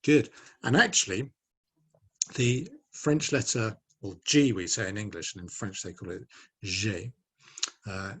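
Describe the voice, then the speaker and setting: Man, forties, teacher, patient, encouraging, husky, lowish voice. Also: fairly bright tone. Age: 40s. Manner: patient, encouraging, drills pronunciation by repetition. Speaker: French teacher. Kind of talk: children's language lesson.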